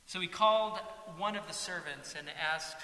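A man preaching a sermon, telling a story in an animated way. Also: high-pitched, normal speed. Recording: echoey hall with faint hiss.

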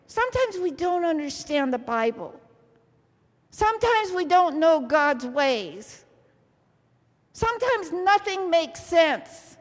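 A woman with a high voice preaches slowly and deliberately, acting out the story with theatrical energy. Her words ring through a church hall with long reverb. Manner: lively, acts out the story. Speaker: pastor's wife preaching. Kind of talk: sermon.

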